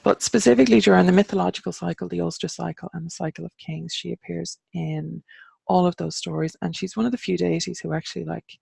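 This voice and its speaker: An Irish woman teaching an online class, explaining carefully and pausing over how words are pronounced. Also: fairly low pitch, steady tone, gravelly, dark tone, slightly rough, no room sound. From Ireland.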